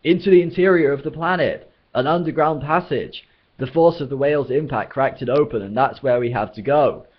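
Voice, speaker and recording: A man voicing a brash, excitable male alien adventurer, loud and breezy in a dull lo-fi recording. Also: mid-range voice, fairly quick, pitched above the performer's own voice, natural voice. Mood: excited.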